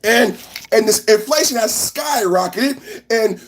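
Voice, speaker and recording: A man with a high, lifted voice hosts a live political podcast stream. He talks loudly at the chat, repeats phrases over and over and slips into sing-song chants. It sounds like a desk microphone in a home studio. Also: lively intonation, slow pace, slight background noise. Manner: loud, repetitive, sing-song ranting at the chat. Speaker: podcast host.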